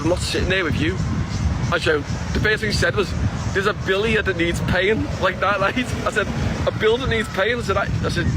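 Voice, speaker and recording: A man with a Scouse accent telling a story in a casual, profane way and acting out the dialogue. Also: high voice. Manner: animated, profane, acts out dialogue. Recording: loud background noise.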